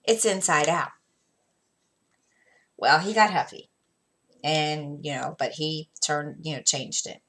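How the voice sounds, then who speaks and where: A low-voiced woman in her thirties chats unhurriedly at home. She rambles through a family story full of fillers and restarts, acting out both sides of a conversation in her own voice. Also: expressive, slow, long pauses, fairly bright tone. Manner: rambling, many fillers and restarts, quotes herself and her son. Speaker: crafting vlogger. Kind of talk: casual storytelling chat.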